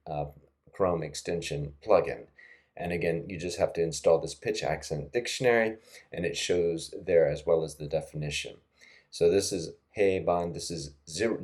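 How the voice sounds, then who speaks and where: A middle-aged man with a low, mellow voice walks through a screen-recorded language tutorial. He talks in a casual, chatty way, full of fillers and soft laughs, close to a desktop mic. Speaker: language teacher.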